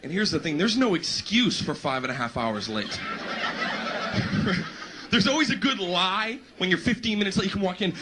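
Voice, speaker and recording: A man doing a stand-up routine, animated and jumping into squealing voices. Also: sits high, moderate pace. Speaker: stand-up comedian. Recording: noisy live stand-up recording.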